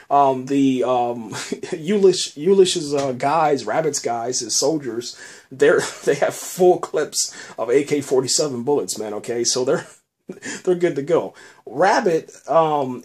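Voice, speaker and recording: A man hosting a podcast, recapping a TV episode in an excited, casual way, often chuckling and saying "man" between phrases. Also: medium pitch. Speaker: podcast host reviewing a TV episode.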